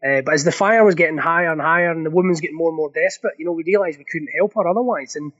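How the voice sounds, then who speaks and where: Here is a Scottish man with a high voice, spinning a long anecdote for a podcast. He laughs as he talks and trips over repeated words. The sound is a bit dull and lo-fi. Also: very fast, a bit bright. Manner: laughs through his story, repeats words. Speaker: guest storyteller. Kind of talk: animated anecdote telling.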